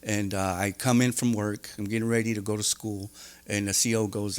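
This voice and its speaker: A man, a podcast guest, telling his story openly in an animated way, with many restarts, acting out the voices of the people he quotes. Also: on the low side, brisk. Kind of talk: candid storytelling interview.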